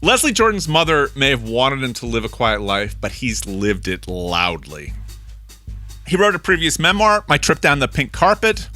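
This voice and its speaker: A man hosting a podcast, chatty and quick to laugh, asking his guest probing questions and reading a short intro. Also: fairly high pitch, big pitch swings, sharp tone, faint music behind. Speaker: podcast host. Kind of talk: interview and scripted intro narration.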